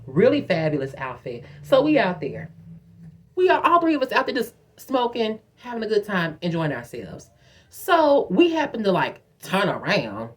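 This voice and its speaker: A woman telling a personal story to her viewers in a chatty, profane, animated way, often calling them "girl". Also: mid-range voice, normal speed. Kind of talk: casual storytime monologue.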